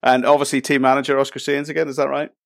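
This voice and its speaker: A man's voice: medium pitch, level tone, very fast, vocal fry, no room sound. A man hosting a casual podcast interview in a chatty, friendly way and laughing easily. His voice sits in a mid range and is recorded close and dry, with no room sound. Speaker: podcast host.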